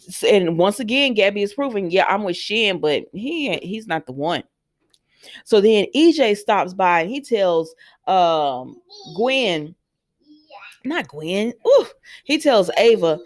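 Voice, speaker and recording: Chatty woman recapping with lively quotes. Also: medium pitch, takes it slowly, no room sound, studio quality. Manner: chatty, animated retelling with acted-out quotes. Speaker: soap opera recap vlogger. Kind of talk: casual chat.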